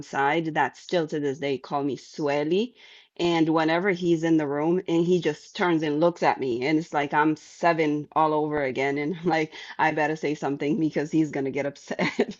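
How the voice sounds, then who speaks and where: A woman's voice: low voice, dry recording, lo-fi sound. A young woman who is a guest on a podcast, chatting casually, laughing often and mimicking other people's voices. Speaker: podcast guest, sales strategist.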